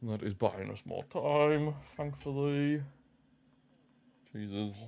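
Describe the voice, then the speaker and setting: A man's voice: mid-range voice, slow, gravelly, a little mellow. A young man hosting a football watchalong stream, anxious and pleading as he comments on the match live.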